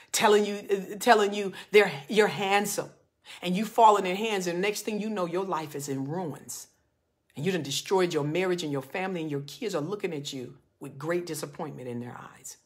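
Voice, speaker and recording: A woman in her forties, a marriage coach, giving a fervent, emphatic preaching talk. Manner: fervent and emphatic, swinging from loud reading to low earnest talk.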